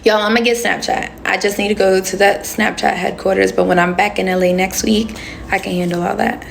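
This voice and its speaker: A young woman chats on a phone livestream, answering viewers' comments with loose, slangy asides. Her mid-pitched voice has a gravelly, fry-tinged edge. A faint hiss sits under the recording. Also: steady tone, a little fast. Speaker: livestream host. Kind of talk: casual livestream chat.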